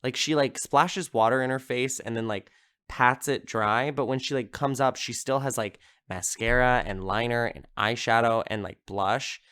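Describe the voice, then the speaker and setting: Smooth-voiced man chatting through a film recap. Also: medium pitch, normal speed, a bit bright. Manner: chatty, heavy on "like" fillers, swears freely. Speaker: podcast host. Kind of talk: casual film recap podcast.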